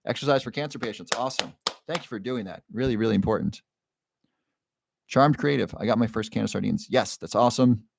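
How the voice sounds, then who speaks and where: A man hosting a live stream, reading viewer comments and coaching them with quick, earnest questions. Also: on the low side, creaky. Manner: encouraging, coaching with rapid questions; earnest, emotional at times. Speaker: livestream host.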